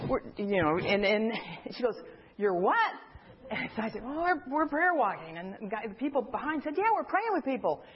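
Woman with a high husky voice telling a church story, does everyone's voices, kinda muffled lo-fi sound. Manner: animated storytelling, acts out quoted voices. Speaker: church member giving a testimony. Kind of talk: personal story told to a group.

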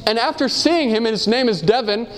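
A man with an unusually high-pitched voice delivers a sermon. He talks earnestly, asks his listeners question after question, reads quotations aloud and drifts into personal stories. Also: normal speed. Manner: earnest, asks the audience many rhetorical questions. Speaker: preacher.

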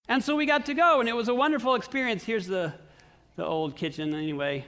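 Middle-aged man, pastor, sermon in a church, high-pitched voice, earnest storytelling. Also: lively intonation, a little fast, sharp tone.

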